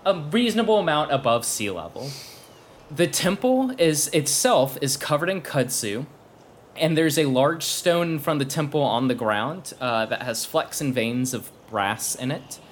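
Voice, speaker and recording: A man's voice: a little high, lively intonation, normal speed, a little hiss or hum. A man narrating a tabletop game as game master, casual and self-correcting, laughing now and then.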